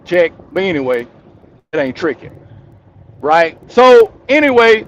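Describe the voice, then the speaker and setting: A man with a high-pitched voice delivers casual opinion commentary to his audience. He takes his time, hammering each point home by repeating it and laughing between thoughts. He speaks straight to his viewers as the host of his own channel. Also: sing-song, a little slow, pauses often, muffled recording.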